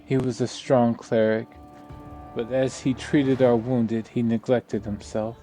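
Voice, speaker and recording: A grieving survivor woman, read by a man in his own voice, recounts hardship in a subdued, somber tone. The delivery is slow and unhurried, and the voice is dark and mellow. Soft game music sits behind her. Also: mid-range voice, level tone, lightly acted. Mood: bitter somber. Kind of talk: reading game dialogue aloud.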